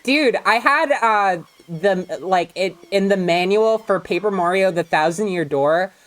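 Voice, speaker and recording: A woman's voice: mid-range voice, a little slow. A woman casually chatting and swearing while streaming a video game, rambling with frequent laughs.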